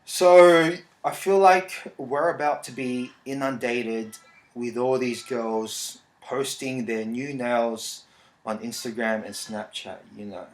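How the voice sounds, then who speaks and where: A man's voice: mid-range voice, takes it slowly. A man, hosting a podcast in casual, rambling solo talk. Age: 30s. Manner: rambling, relaxed, frequent fillers. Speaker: podcast host. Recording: roomy echo.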